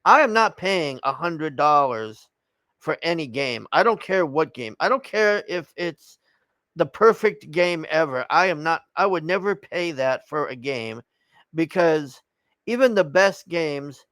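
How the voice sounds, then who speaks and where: Man, ranting, swearing nonstop, fairly high voice, dry close sound. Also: expressive, unhurried, fairly bright tone, dry recording. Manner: heated, swears constantly, tags lines with "man". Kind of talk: profane ranting storytelling.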